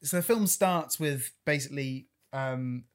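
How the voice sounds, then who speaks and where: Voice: medium pitch, measured pace, over a noisy crowd. A podcast co-host in casual film chat, playful and punning. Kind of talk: casual chat about films.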